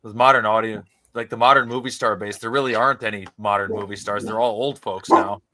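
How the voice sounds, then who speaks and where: A man with a mid-range voice chats on a casual show. He hedges and pads his points with "like". Clear background noise, a dog now and then, runs under him. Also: fairly low pitch, steady tone, brisk. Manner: chatty, hedging with "like". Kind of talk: casual chat.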